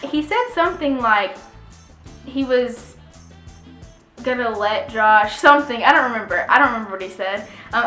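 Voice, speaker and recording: A young woman tells a story to her vlog camera, chatty and animated, often breaking into laughter. Her voice is bright and a little high. The room is echoey, with faint music under it. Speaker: vlogger. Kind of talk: casual storytime.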